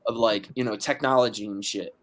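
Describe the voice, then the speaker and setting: A man's voice: fairly low pitch, brisk. A man from Philadelphia, a podcast guest, telling a story in casual chat, swearing often and acting out his friends' lines. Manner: animated, profane, acts out friends' quotes.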